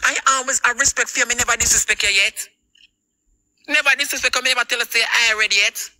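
A Jamaican woman delivers a heated livestream rant in a piercing, very sharp voice. She is confrontational and swears heavily, hammering the same points again and again. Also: on the high side, fairly even intonation, fast talker, dry recording, rough recording. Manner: confrontational, repetitive, heavy swearing.

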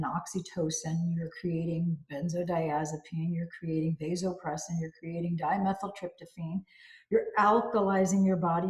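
A woman reading a book aloud and then talking about it in an effusive, expressive way, indoors. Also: lowish voice. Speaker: book reader and reviewer. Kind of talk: reading aloud and casual commentary. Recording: roomy echo.

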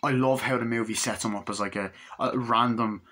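A man talks through a movie in a loose, rambling way, swearing freely and retelling scenes. His voice has a bright, forward tone at a middling pitch. He talks the way someone chats casually to a camera. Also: fairly even intonation, fairly quick. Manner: loose, profane, full of fillers and retellings. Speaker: movie reviewer. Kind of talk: casual rambling film review.

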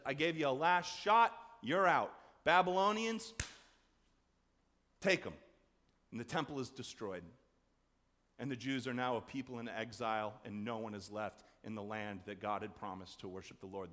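Animated pastor in an echoing church. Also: male voice. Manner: conversational, acts out quoted voices with big swings in pitch and loudness. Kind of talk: sermon. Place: church sanctuary. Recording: long church reverb.

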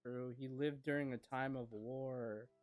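A woman hosting an anime reaction, moving from soft cooing to loud excited squeals and swearing freely. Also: very deep voice, measured pace.

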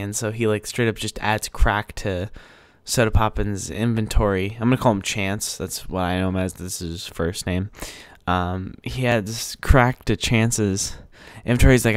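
A man's voice: fairly low pitch, fairly even intonation, normal speed, clear, resonant tone, no echo. A young man hosting a podcast in casual chat, rambling enthusiastically with lots of fillers. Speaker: podcast host.

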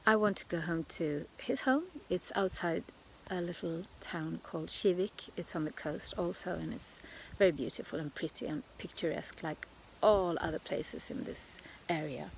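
A woman's voice: fairly low pitch, normal speed, vocal fry, few pauses, darkish tone, a little hiss or hum. Chatty woman vlogging outdoors. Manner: chatty, rambling, with many fillers and self-corrections; drops to a whisper for stretches. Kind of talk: casual travel vlog. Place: outdoors at a countryside bed and breakfast.

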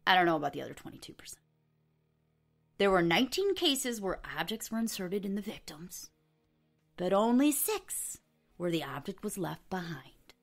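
A woman's voice: mid-range voice, sing-song, normal speed, creaky, faint music behind. A woman hosting a true crime podcast, telling the case in a casual, chatty way with offhand swearing. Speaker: podcast host.

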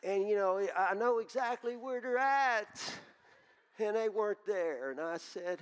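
A man preaching a sermon in a church, telling homey stories and repeating words as he warms up. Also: sits high, animated, measured pace, smooth, long reverb tail. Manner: folksy storytelling preacher, repeats words when stirred. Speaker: pastor. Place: church sanctuary.

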